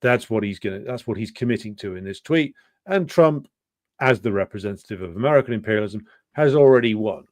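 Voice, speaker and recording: In a fairly low, slightly mellow voice, a man riffs through an unscripted political commentary monologue at a brisk clip with lively intonation. He sounds sardonic and scornful, throws in profanity, and his loose delivery is full of fillers and restarts. The recording is dry, with no room echo.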